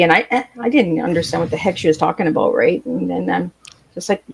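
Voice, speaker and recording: A woman's voice: lowish voice, quick pace, creaky, husky. Blunt, straight-talking woman guest. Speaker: podcast guest. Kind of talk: casual chat.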